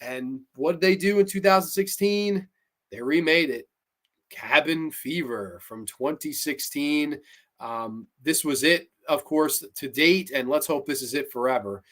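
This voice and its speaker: A man's voice: a little high, unhurried. Profane, exasperated male horror reviewer. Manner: blunt, profane and exasperated ranting; animated, with sudden loud bursts. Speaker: horror movie review show host. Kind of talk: casual solo review rant.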